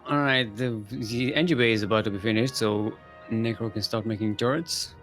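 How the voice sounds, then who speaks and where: A man casting a live video game match who laughs often and talks in an animated way. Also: lowish voice, normal speed, soft background music. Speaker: esports caster. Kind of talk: casual live game commentary.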